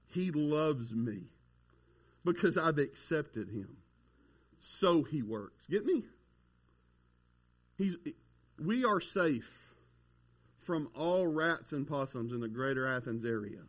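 A man delivers a sermon from the pulpit. His voice sits fairly high, and he preaches in a folksy, conversational way, weaving homespun stories into the message. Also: very animated, slow pace, pauses often. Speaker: pastor.

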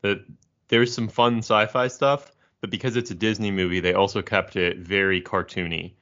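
A man co-hosting a podcast, talkative and upbeat in casual chat. His lowish voice has a bright, forward edge, heard through dull, lo-fi audio. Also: little pitch movement, moderate pace. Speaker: podcast co-host.

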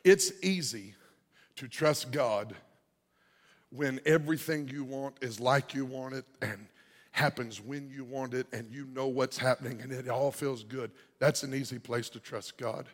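A pastor delivering a dynamic sermon, swinging from loud shouting to quiet murmurs. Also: male voice, mid-range voice, unhurried. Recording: long hall reverb.

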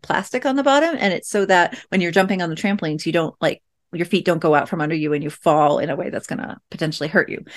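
A woman in her thirties hosting a podcast, telling a personal parenting story in a chatty, reflective way with many fillers. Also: mid-range voice. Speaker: podcast host and parent coach. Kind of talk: casual storytelling monologue.

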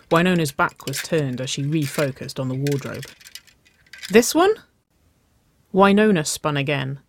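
A narrator reading a story aloud in a slow, measured way. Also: mid-range voice.

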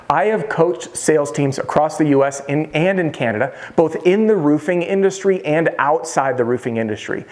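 Addressing the viewer as "you," a man gives casual, straight-talking coaching to roofing salespeople in an instructional talk to camera. His voice sits fairly high, with a darkish tone.

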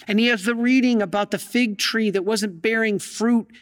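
A man's voice: sits high, steady tone, moderate pace. A man, a Catholic priest, giving a sermon with emphatic storytelling and rhetorical questions. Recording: long hall reverb.

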